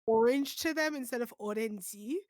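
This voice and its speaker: A young woman with a somewhat high voice chats casually and keeps breaking into giggles. Her voice is close and dry, with no room sound around it. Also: brisk, darkish tone, no echo. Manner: giggly, laughs between phrases. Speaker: guest chatting with the streamer. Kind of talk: casual chat.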